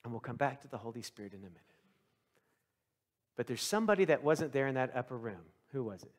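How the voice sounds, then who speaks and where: A male pastor preaching a sermon, telling the story with lively swings into the voices of the people in it. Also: medium pitch, fast. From Texas.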